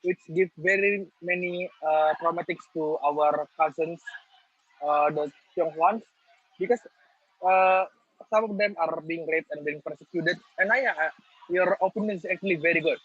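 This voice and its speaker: A man's voice: a little high, moderate pace, breathy edge, dry recording. A man moderating an online group discussion, politely calling on participants. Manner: polite, formal, calls on people. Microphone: video call. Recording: dry, dull video call audio.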